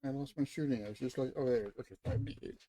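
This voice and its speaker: A man's voice: mid-range voice, fast talker, warm tone, slight background noise. A man playing a tabletop game, describing his moves in a hesitant, searching way. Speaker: player. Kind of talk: casual tabletop play.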